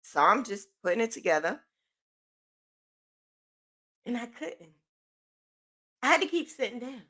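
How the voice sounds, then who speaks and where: A woman hosting a podcast, telling a personal story in a chatty, animated way with informal slang. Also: a little high, measured pace. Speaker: podcast host.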